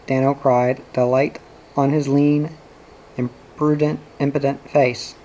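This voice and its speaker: A man reading a novel aloud in an unhurried, even storytelling delivery. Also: medium pitch, muffled recording. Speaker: reader. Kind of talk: audiobook narration of a novel.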